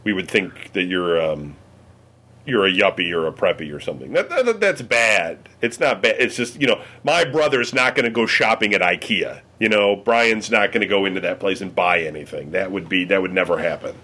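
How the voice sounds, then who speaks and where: Man, low voice, casual chat, rambling, halting, lots of fillers. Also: bright, forceful tone. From Cleveland area, United States. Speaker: conversation partner.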